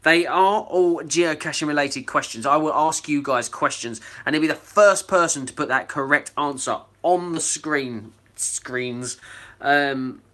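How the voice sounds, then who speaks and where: Running a relaxed live-stream hangout, this man talks loosely, leans on lots of fillers, and reads out comments from viewers. His voice is slightly high, pushed and bright, and he takes his time.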